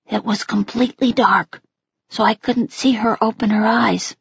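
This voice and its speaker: A woman reading a first-person story aloud in a slow, quiet and intimate way. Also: on the high side, steady tone, gravelly, breathy edge, no echo, highs cut off. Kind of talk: scripted audiobook narration.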